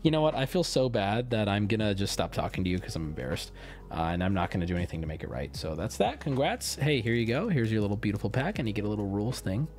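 Male streamer, casual and profane, very animated delivery over low background music. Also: quick pace. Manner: animated, swearing, jumps between loud bursts and mumbling. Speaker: streamer opening card packs. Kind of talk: casual live-stream chat.

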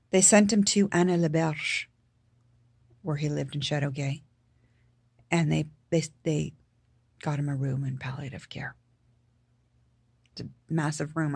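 Canadian woman, lowish voice, halting emotional storytelling, lots of ums, dry close sound. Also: vocal fry, a little mellow, husky, no echo. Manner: halting and emotional, with many fillers and restarts. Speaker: vlogger. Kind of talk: personal storytelling.

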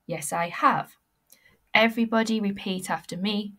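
Slow, clear-speaking woman teacher. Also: mid-range voice, fairly bright tone. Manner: slow, clear modelling of words for pupils to repeat. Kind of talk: recorded language lesson.

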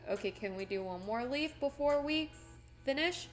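A woman with a high, light voice chats through a live stream as she paints. She swings into playful, mock-tearful melodrama. Soft music plays faintly behind her. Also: lively intonation, normal speed. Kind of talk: casual live-stream chat while painting.

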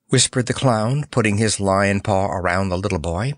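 A man's voice: on the low side, moderate pace, hardly any pauses, dry recording, studio quality. A man narrating a children's fantasy audiobook in a storytelling style. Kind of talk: scripted narration.

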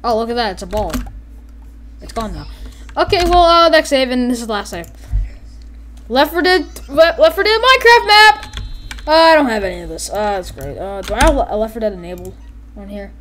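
A woman casually commenting on her own gameplay at a computer, excitable, exclaiming and giggling often. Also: fairly high pitch, a little fast, long pauses, slight background noise.

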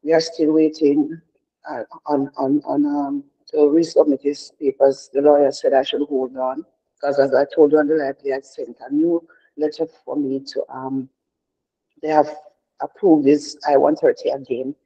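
A woman's voice: sits low, flat delivery, moderate pace, dark tone, breathy edge. A middle-aged woman leading a prayer devotion in an earnest, heartfelt way, often repeating herself and restarting. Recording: dull lo-fi sound.

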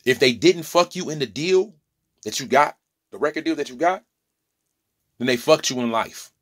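Speaking at a moderate pace with a medium-pitched voice, a man in his forties vlogs a heated opinion piece. He sounds impassioned, stumbling and restarting, repeating words as he pushes his case and veering into preachy asides.

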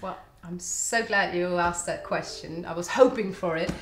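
A woman's voice: on the low side, moderate pace, echoey room, slight background noise, low-quality recording. A woman guiding a tasting tour in a distillery museum, explaining its history and listing flavours in a storytelling way. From Netherlands. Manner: explanatory, storytelling, lists products.

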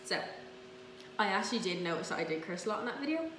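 Cooking in her home kitchen, a young vlogger from Dublin with a light Irish accent chats and rambles casually, swearing freely and poking fun at herself. Her medium-pitched voice swings widely in pitch at a quick pace, and she's a little off-mic in the echoey kitchen with background noise.

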